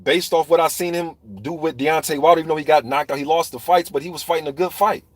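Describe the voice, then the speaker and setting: A man's voice: fairly high pitch, fairly even intonation, quick pace, dry recording. A man ranting heatedly and profanely about boxing, talking straight to viewers in a live chat. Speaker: boxing commentator. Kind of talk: ranting live stream commentary.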